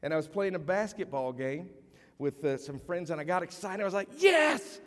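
A male pastor delivers a sermon with a fairly high voice. He tells stories with animation and acts out the voices of the people in them. The sound rings with the long reverb of a large church hall. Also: fairly quick. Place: church sanctuary.

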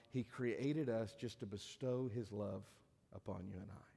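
A man's voice: mid-range voice, dark tone, long reverb tail. A middle-aged male pastor preaching a conversational sermon to a congregation, with dry joking asides. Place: church sanctuary.

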